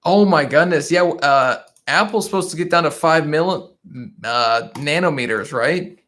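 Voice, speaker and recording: A man's voice: a little high, moderate pace, a bit bright. Chatty man hosting a casual livestream. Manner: chatty, laughs often, trails off and restarts. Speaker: livestream host. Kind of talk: casual live chat reading viewer comments. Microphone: desk microphone.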